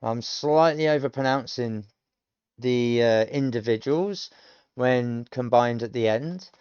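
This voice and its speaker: A British man in his thirties talks slowly and rambles through pronunciation notes with plenty of ums. His voice is smooth and sits in the middle range. The recording is dry and slightly dull. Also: medium pitch, darkish tone, no room sound. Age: 30s. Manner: rambling, explanatory, with many ums. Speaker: language learner streamer. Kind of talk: casual self-study commentary.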